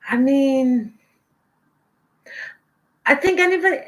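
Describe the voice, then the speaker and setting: Painting at home on a live stream, a young adult woman from the United States talks casually with her chat in a high voice with lively intonation, taking her time. The audio quality is poor. Her talk is rambling and self-mocking, veering from loud outbursts to mumbling.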